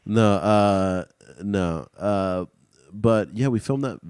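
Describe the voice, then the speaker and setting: A man's voice: on the low side, slow, darkish tone, smooth, dry recording, studio quality. A young man hosting a podcast, casual and joking, with profane banter. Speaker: podcast host. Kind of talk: casual chat.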